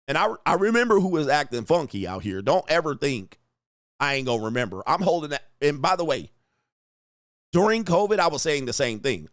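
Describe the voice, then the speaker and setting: A middle-aged man hosting a livestream, ranting in a profane, animated way with slang and frequent laughs. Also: a little high, no room sound, clean studio sound. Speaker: livestream host answering superchats. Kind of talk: casual livestream rant.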